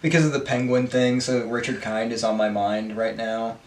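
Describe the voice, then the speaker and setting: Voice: mid-range voice, level tone, normal speed, reverberant. A co-host of a casual movie review podcast, talking in a laid-back, joking way.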